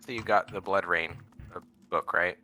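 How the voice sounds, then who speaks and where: A man chatting casually during a co-op video game, halting and full of fillers. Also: low voice, steady tone, bright, forceful tone. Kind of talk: casual gameplay chat.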